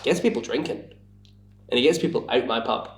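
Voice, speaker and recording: A young Scottish man talks at an ordinary pitch in a loose, rambling way, padding his sentences with "like" and poking fun at himself. He sounds a bit far from the mic, and the room rings with echo. It is casual podcast chat. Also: brisk, background noise. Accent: Scottish, Glasgow area. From Scotland. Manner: rambling, lots of "like", self-mocking. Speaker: podcast guest, bar worker.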